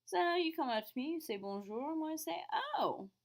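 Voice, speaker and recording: A woman's voice: sits high, animated, brisk. Patient woman teaching French pronunciation. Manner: clear, patient explaining with modeled pronunciation. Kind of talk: classroom lesson recording.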